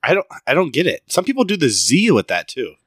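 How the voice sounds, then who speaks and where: Lively young man, teasing. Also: a little high, a little fast, slightly rough, no echo, clean studio sound. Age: young adult. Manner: teasing, playfully indignant. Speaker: podcast co-host. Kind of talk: casual chat.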